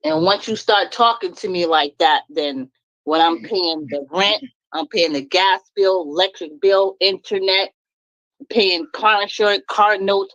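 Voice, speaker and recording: A woman's voice: mid-range voice, no room sound, muffled recording. A middle-aged woman talking bluntly and with energy on a live stream, laughing as she vents. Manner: animated, blunt venting with laughs. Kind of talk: casual chat. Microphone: live stream call.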